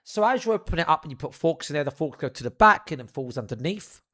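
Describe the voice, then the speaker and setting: A young man telling a funny childhood anecdote in an animated, profane, theatrical way. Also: fairly high pitch, fast talker. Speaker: storyteller. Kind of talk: comedic anecdote.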